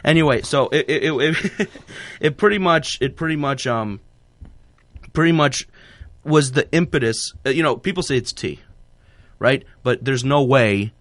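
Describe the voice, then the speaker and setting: A man's voice: mid-range voice, expressive, unhurried, a bit bright, no room sound. A man hosting a radio show, chatting casually and rambling with lots of fillers and restarts. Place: radio studio. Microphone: studio microphone.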